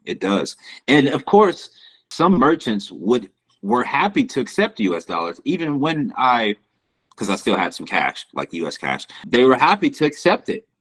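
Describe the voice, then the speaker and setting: A young man co-hosting a podcast, talking casually in slangy, animated speech. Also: fairly low pitch, breathy edge, poor audio. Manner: slangy, animated, says bro a lot. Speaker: podcast co-host. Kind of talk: casual chat.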